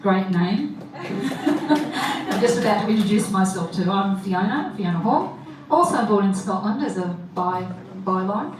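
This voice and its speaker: A woman's voice: mid-range voice, lively intonation, measured pace, hardly any pauses, noisy background. Woman officiating a wedding, echoey and distant. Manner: warm, chatty and upbeat, addressing the guests. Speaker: wedding celebrant.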